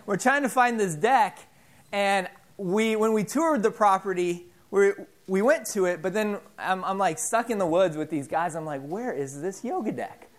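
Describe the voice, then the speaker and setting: Halting, chatty male preacher in his thirties. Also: sits high. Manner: halting, with many fillers and restarts; animated, self-deprecating storyteller. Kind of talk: informal sermon with storytelling.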